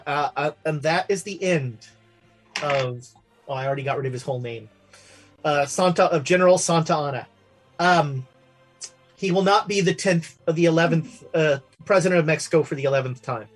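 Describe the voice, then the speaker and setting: A man running a tabletop game as game master, narrating haltingly with many fillers and restarts. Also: on the high side, soft background music.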